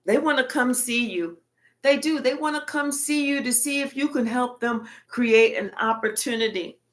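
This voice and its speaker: A woman giving a casual tarot reading in her own voice. She talks bluntly and colloquially and swears often. Her voice sits a little above average in pitch. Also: normal speed, a bit bright. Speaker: tarot reader.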